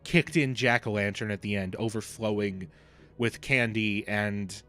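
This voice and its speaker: A man's voice: fairly low pitch, steady tone, moderate pace, fairly bright tone, clear, resonant tone, faint music behind. A man running a tabletop role-playing game as game master, narrating the scene with lots of fillers and restarts. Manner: loose, filler-heavy narration.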